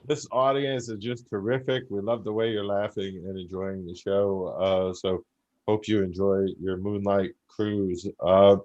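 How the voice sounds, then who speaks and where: A man's voice: on the low side, level tone, a little slow, mellow, muffled recording. A man hosting a live-streamed comedy show, introducing the next comic with hesitant filler words. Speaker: host.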